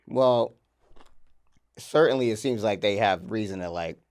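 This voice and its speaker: A man's voice: fairly low pitch, unhurried, a little mellow. A man co-hosting a chatty podcast, talking loosely with lots of fillers and easy laughter. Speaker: podcast co-host. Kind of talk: casual chat.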